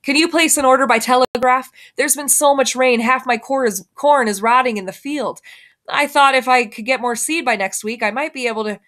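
A worried farmer father, rushed and anxious, as a woman reading a storybook puts him on. His words come urgent and clipped, in her slightly raised pitch. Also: a bit bright.

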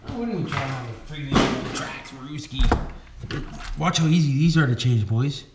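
Medium in pitch with lively intonation, this Canadian man speaks at a moderate pace while vlogging his RC truck work on his hobby channel. He jokes in a folksy manner, repeating "boys" and "why wouldn't we," and there's echo and background noise.

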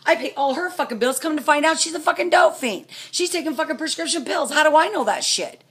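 A middle-aged American woman venting furiously to camera, swearing constantly and swinging between loud outbursts and low, seething mutters. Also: animated, fast, hardly any pauses. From United States. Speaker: vlogger, trucker's wife. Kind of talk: angry venting rant to camera.

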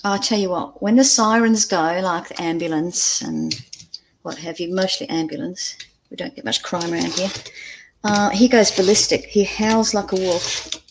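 A woman's voice: lowish voice, moderate pace, slight background noise, low-quality recording. An older woman from Scotland with an Australian accent, hosting a casual live craft stream from home at her crafting table, chatting to viewers and musing aloud over measurements. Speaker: craft channel host. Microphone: camera at a crafting table.

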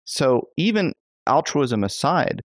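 A man's voice: fairly high pitch, big pitch swings, slow, dry recording. A man hosting a podcast interview, enthusiastic and thinking aloud with lots of fillers. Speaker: podcast host. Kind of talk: conversational interview.

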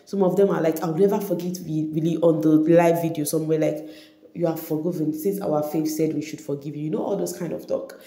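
Chatty woman vlogger, warm and roomy. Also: sits low, steady tone, brisk. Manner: chatty, laughs often, addresses viewers directly. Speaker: celebrity gossip vlogger. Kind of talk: casual reality-show gossip commentary. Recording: echoey room.

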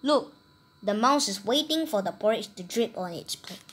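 A woman reading a picture book aloud to children, animated and pointing out the pictures as she goes. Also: mid-range voice, normal speed. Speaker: storyteller.

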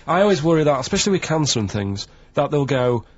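A man with a Mancunian accent, a radio show regular, talking in a plain-spoken, deadpan way in casual radio chat. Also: fairly high pitch, fast talker, breathy edge, no echo. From Manchester. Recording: dull lo-fi radio recording with loud noise.

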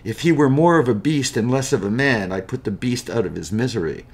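A man voicing a grave, weary older male doctor in a spoken storybook, speaking in a hushed manner. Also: medium pitch, unhurried, natural voice.

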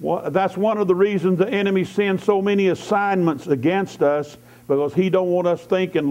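A man's voice: high voice, fairly even intonation, normal speed, hardly any pauses, a little mellow. A man preaching an evening church sermon as a lay preacher, fervently repeating declarations and breaking in with hallelujahs. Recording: dull lo-fi church service recording.

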